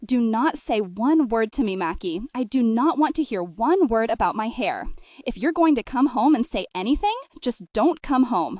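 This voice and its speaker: Woman reading an upset touchy wife, dramatic and defensive, high-ish voice. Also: sing-song, normal speed, darkish tone, dry recording, studio quality.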